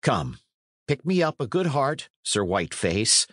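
A man's voice: medium pitch, big pitch swings, a little slow, a bit bright, no room sound, studio quality, pitched above the performer's own voice. A man reading an audiobook, voicing a bold and good-hearted young squire with hearty, old-fashioned speech. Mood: resolute.

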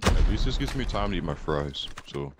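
A man's voice: low-pitched, big pitch swings, moderate pace, heavy background noise. A young man chatting as a teammate in a gaming call, laid-back, joking and self-deprecating. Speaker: teammate on stream. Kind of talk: casual gaming chat.

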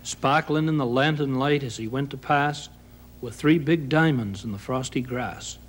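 A man's voice: medium pitch, normal speed, a little hiss or hum. A man from Maine with a Maine accent, reciting a humorous story poem in a dry, folksy way.

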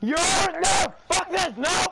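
A man screaming and swearing in frantic outbursts while playing an online game with friends, his throat strained hoarse from yelling. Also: very high voice, takes it slowly. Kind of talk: loud gameplay party chat. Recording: loud background noise.

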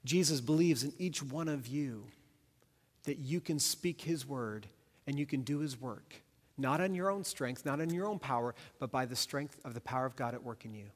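A senior pastor giving a sermon with an emphatic, repetitive preaching cadence. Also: male voice, mid-range voice, normal speed. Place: church sanctuary. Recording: long church reverb.

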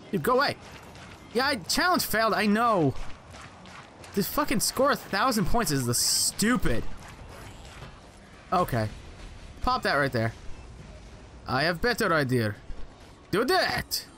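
A man's voice: high voice, bright, forceful tone, slight background noise. A young man commenting on his own gameplay, exclaiming, joking to himself and swearing as he plays. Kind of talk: casual let's play commentary.

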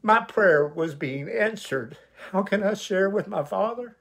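A man's voice: high-pitched, lively intonation, measured pace, gravelly, a bit bright, husky. A male pastor telling his personal testimony, an emotional, vivid retelling full of quoted dialogue.

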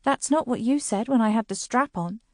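A woman's voice: on the high side, expressive, moderate pace, darkish tone, dry recording, studio quality, pitched above the performer's own voice. A woman voicing an uptight British bookshop owner who speaks in a clipped, cutting, dryly sarcastic way. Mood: cool, cutting.

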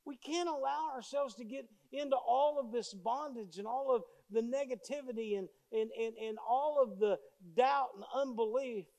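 High-voiced preaching pastor. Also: male voice, moderate pace, vocal fry, hardly any pauses, darkish tone. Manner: emphatic, repeats phrases, storytelling. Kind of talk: sermon.

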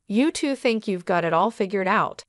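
A woman's voice: medium pitch, lively intonation, normal speed, dry recording, clean studio sound, close to an everyday voice. A woman voicing a smug, panicking middle-aged husband in a read-aloud story, in a defensive, blustering manner.

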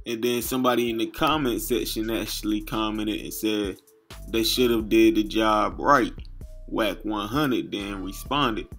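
Gravelly low-voiced man giving casual commentary. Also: fairly bright tone. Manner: loose street slang, reads captions aloud. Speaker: YouTube commentary host.

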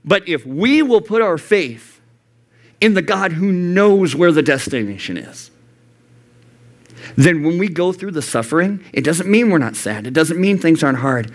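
A man preaching to a youth group, animated and acting out the voices he quotes. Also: on the high side, a little slow. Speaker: youth pastor. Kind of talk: sermon. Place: church youth service.

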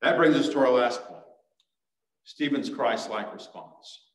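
A man preaches a sermon, earnest and pressing his listeners to respond. His voice sits at an ordinary middle pitch. The sound carries the ring of a large sanctuary, picked up from some distance. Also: lively intonation, a little slow. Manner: earnest, rising to urgent exhortation. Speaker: pastor. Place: church sanctuary. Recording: echoey church sanctuary, mic at a distance.

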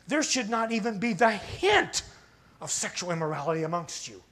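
A man's voice: extremely high pitch, big pitch swings, moderate pace, fairly bright tone. A middle-aged man preaching a sermon as pastor in a church, asking the congregation questions and building to fired-up, impassioned peaks. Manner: asks the congregation rhetorical questions. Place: church sanctuary.

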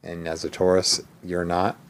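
A man with a very deep voice chats on a casual podcast. He jokes in a dry, self-mocking way. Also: completely flat delivery, normal speed. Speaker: podcast co-host.

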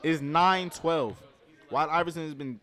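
A man reacting to a streetball game, giving casual commentary with slang and sudden loud outbursts. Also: a little high, unhurried. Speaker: reaction streamer commenting on basketball.

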